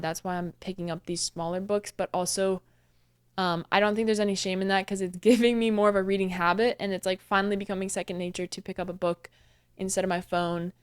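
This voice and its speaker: A young woman in her twenties, hosting a casual book recap vlog, chatty and rambling, with lots of fillers and self-corrections. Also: medium pitch. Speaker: booktuber host.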